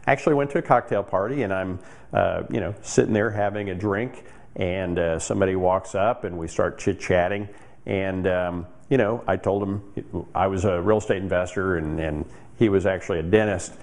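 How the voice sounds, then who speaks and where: A man's voice: sits low, fairly even intonation, moderate pace, vocal fry, darkish tone. A man, a real estate investor, telling a casual story to camera with frequent fillers.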